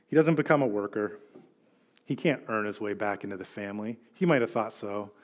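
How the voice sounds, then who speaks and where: Male pastor, middle-aged, animated sermon storyteller, voices the quotes. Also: on the low side, fairly quick.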